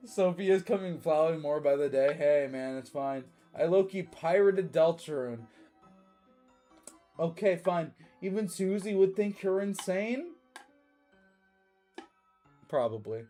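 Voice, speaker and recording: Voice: medium pitch, animated, takes it slowly, long pauses, warm tone, soft background music. A livestreamer chatting casually with their audience, rambling and restarting sentences. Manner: rambling, stumbles and restarts, laughs often. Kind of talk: casual stream chat.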